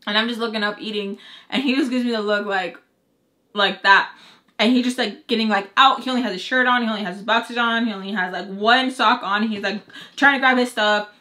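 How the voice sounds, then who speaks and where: A woman's voice: on the high side, steady tone, fairly quick, pushed and bright. A young woman telling a story to camera in a casual chatty way, full of filler words and joking asides. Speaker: vlogger.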